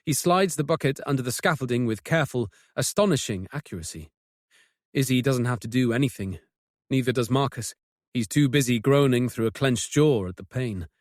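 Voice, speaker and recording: A man narrating a mystery audiobook with measured, tense storytelling. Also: medium pitch, no room sound, studio quality. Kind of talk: scripted narration.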